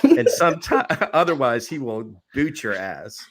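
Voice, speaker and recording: Lively-voiced man chatting on a podcast. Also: mid-range voice, a little slow, a crowd in the background. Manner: laughing, imitates callers and hosts. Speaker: podcast co-host. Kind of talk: casual chat.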